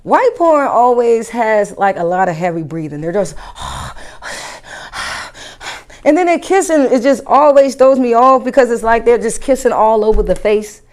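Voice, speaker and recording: A woman comedian doing a profane stand-up rant, animated and incredulous. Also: on the high side, a little slow.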